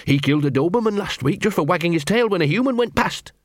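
A man's voice: fairly high pitch, animated, measured pace, no echo, clean studio sound. A man voicing a nervous scruffy little talking dog. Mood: fretful. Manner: nervous, miserable, whiny. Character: small scruffy talking male street dog, anxious.

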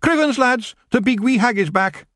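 A man voicing the excitable male chief of tiny fairy warriors, with a thick Scottish accent. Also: very high-pitched, normal speed, no echo, clean studio sound, voice pushed up. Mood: wailing. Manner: loud, excitable, whining.

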